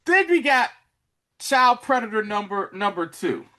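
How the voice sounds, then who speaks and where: A man's voice: sits high, a little slow. A man hosting a podcast, recapping a TV episode in casual chat and acting out the scenes. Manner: animated, acts out scenes. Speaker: podcast host.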